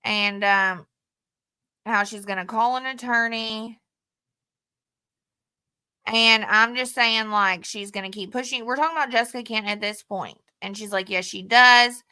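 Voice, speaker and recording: Heated, bright-voiced woman venting. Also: fairly high pitch, unhurried, pauses often, clear, resonant tone. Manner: frustrated and heated, heavy swearing. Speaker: vlogger. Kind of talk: casual talk to camera, reading out text messages.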